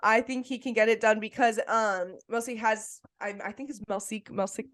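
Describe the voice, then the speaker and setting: A woman's voice: on the high side, steady tone, moderate pace, a bit bright. Woman, podcast co-host, enthusiastic, casual chat, laughs often.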